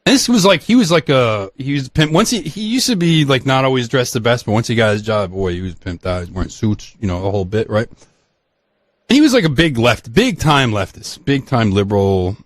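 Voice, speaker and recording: A man hosting a podcast, telling a story in casual chat with animated, profane, emphatic ranting. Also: medium pitch, brisk, no echo. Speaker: podcast host.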